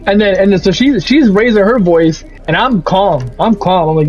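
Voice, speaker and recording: A young man streaming a game, telling a profane, animated story about a bad work shift. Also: sits high, moderate pace, hardly any pauses. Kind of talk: casual rant over gameplay. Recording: slightly muffled, faint music.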